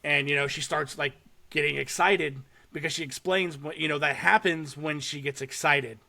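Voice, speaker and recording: A young man hosting a podcast, casually and excitedly retelling a short horror film with swearing and laughter. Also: a little high, normal speed, vocal fry. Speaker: podcast host. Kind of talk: casual chat.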